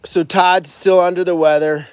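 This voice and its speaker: A man caring for animals at a sanctuary, chatting casually and excitedly on a livestream and thanking donors as he goes. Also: high voice, normal speed, clear, resonant tone, dry recording. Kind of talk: casual live-stream chat.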